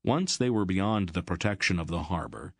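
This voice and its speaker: A man narrating a fantasy audiobook in a steady, even storytelling manner. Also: low voice, moderate pace, no echo, clean studio sound. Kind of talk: scripted narration.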